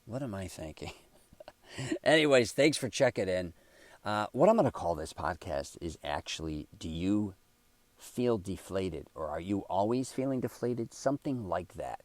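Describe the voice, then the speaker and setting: Low-voiced man hosting a rambling podcast. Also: animated, normal speed, no room sound. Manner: casual, rambling, self-correcting. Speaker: podcast host. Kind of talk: solo podcast monologue.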